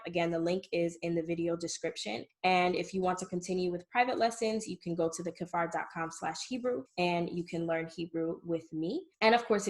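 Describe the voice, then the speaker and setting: A woman teaching a beginner language lesson, explaining patiently and often checking in with "okay?". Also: lowish voice. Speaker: Hebrew teacher.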